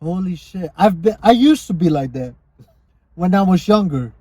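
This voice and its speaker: Slightly high-voiced man, casual podcast chat. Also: lively intonation, normal speed, warm tone, no room sound. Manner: loose, rambling storytelling with frequent swearing and laughs. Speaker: podcast co-host.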